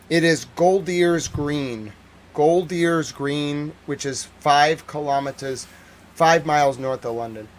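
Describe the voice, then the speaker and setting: A man reporting on a war from a livestream, ranting in exasperation and then reading a measured formal report. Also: mid-range voice. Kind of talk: livestream news commentary.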